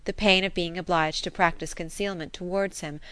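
A woman reads a classic novel aloud in a measured, even manner. Her voice sits somewhat low, and the recording is dry and close, with no room sound. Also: clean tone, no room sound. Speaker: audiobook reader.

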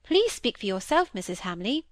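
Woman voicing a young girl, eager, affectionate, higher voice, storybook reading. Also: animated, normal speed, a bit bright, no echo, clean studio sound. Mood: merry.

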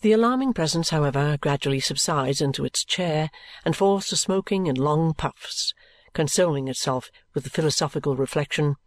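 A man reading a classic novel aloud in a formal, even-toned storytelling manner. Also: on the high side, moderate pace, no room sound. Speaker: audiobook reader.

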